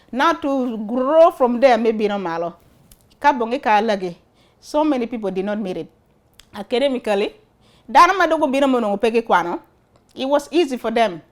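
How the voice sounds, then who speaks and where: A woman with an Acholi accent hosting a talk show, speaking earnestly and putting questions to her viewers. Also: fairly high pitch. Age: adult, studied and worked before emigrating. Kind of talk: casual talk to camera.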